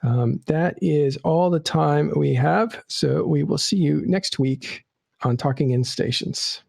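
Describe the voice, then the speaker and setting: Gravelly-voiced man hosting a chat show. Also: on the high side, darkish tone, no echo, studio quality. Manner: halting, many fillers, friendly wrap-up. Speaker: podcast host. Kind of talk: casual interview chat.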